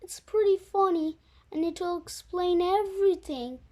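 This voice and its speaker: Young reader doing a chatty girl, amused, high voice, slow storybook pace. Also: a little mellow. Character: girl Jill, clever and amused.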